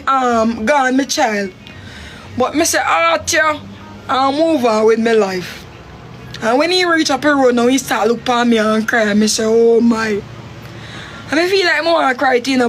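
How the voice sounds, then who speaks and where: Animated high-voiced Jamaican woman. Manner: animated, acts out her own quotes with sharp pitch jumps. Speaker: storyteller. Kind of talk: casual storytelling in patois.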